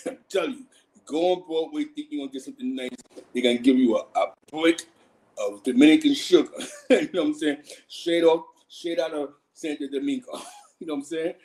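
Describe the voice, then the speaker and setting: A man's voice: medium pitch, rough recording. A man from Harlem, hosting a livestream and telling street stories in slangy talk with frequent laughter. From Harlem, New York. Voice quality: slangy, laughs often, animated. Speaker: livestream host. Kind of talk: casual street storytelling.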